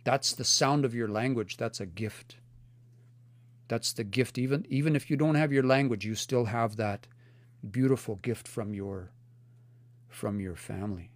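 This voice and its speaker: A middle-aged man talks through pronunciation on a casual livestream, earnest and thoughtful, often restarting a phrase as he thinks. His voice sits at a middle pitch and sounds close and dry, with little room around it. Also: measured pace, no room sound. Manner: thoughtful, earnest, restarts and repeats words while explaining. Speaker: language teacher on livestream. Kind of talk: casual live teaching, reading chat comments. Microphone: phone or computer mic for a livestream.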